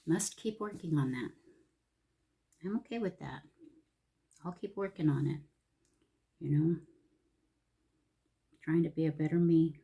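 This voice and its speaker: A middle-aged woman, chatting reflectively in a vlog, soft-spoken and heartfelt, often sinking to a near whisper. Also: low-pitched, unhurried, creaky, long pauses. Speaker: vlogger. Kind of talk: casual reflective chat.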